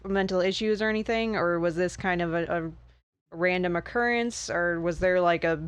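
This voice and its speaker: A woman's voice: lowish voice, clean tone, no room sound. A woman co-hosting a podcast, thoughtful and reflective as she asks and comments. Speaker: podcast co-host. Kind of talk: interview conversation.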